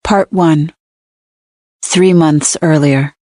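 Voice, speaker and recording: A woman reading a first-person thriller audiobook in a measured, wry manner on a close studio mic. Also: sits low, fairly even intonation, darkish tone, dry recording. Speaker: audiobook narrator.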